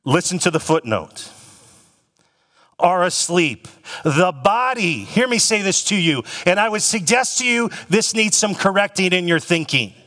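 A male pastor delivers a sermon with emphasis, slowing down to lean on each phrase of scripture. His voice sits a bit high for a man and comes across bright and forceful. A long hall reverb trails behind every line. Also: big pitch swings.

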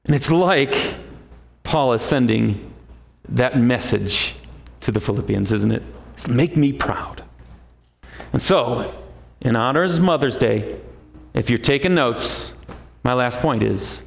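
Guy preaching a sermon, gravelly voice, middle pitch, gets loud and emphatic. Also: expressive, slow, long pauses. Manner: emphatic preaching, rising to a high forceful pitch. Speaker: pastor.

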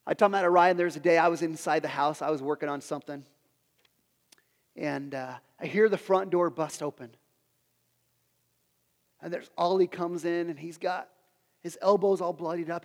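A man in his thirties preaching a sermon, earnest, who repeats phrases and goes soft for prayers. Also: fairly high pitch. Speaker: pastor. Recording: long hall reverb with soft music behind.

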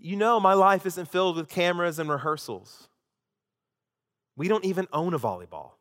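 A man pastor preaching a sermon, swinging between loud emphasis and hushed asides. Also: high-pitched, lively intonation, moderate pace, big-room sound.

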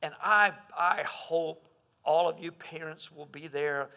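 A man preaching a sermon as pastor, swinging between loud emphasis and hushed asides. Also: fairly high pitch, slow pace.

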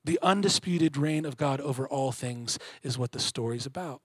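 A man preaching a sermon, earnest, swelling louder on key points and dropping quiet between them. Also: medium pitch, moderate pace, breathy edge, no room sound. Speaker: pastor.

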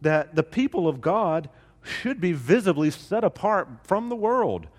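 A man's voice: sits high, sing-song, unhurried, big-room sound. A male pastor preaching a sermon, emphatic and building on repeated phrases.

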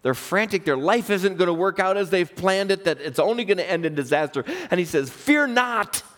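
A man preaching a sermon, swinging between emphatic, raised exhortation and quiet personal storytelling. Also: high-pitched, a little fast. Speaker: pastor.

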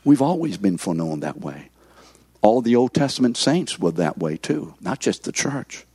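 Husky older man preaching with lively questions. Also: on the low side, moderate pace, no room sound. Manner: quizzes the congregation with questions. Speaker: pastor. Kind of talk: interactive sermon.

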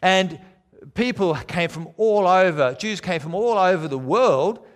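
Emphatic male preacher, higher pitch. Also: lively intonation, measured pace. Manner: emphatic, with sharp swings between loud declarations and quiet low lines. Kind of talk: sermon.

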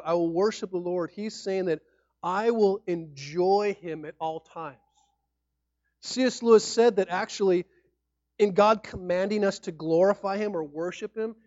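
A man preaching a sermon in an animated, conversational way, sometimes acting out people's reactions. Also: high-pitched, no room sound. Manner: animated, acts out shouting fans and mock-formal speech. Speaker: pastor. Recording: dry, dull lo-fi sound.

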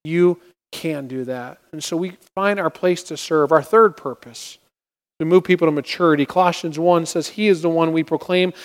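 A man's voice: on the high side, steady tone, brisk, long reverb tail. A man preaching a sermon, earnest, often acting out prayers and inner thoughts as he teaches. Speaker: pastor.

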